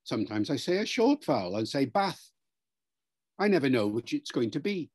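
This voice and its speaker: An older professor from Wales with a mixed British accent of Welsh, Liverpool and RP features, explaining in an interview in a measured, lecturing way and sounding out words as examples. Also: male voice, mid-range voice, sing-song, darkish tone, breathy edge, dry recording. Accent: mixed British, Welsh and Liverpool with some RP.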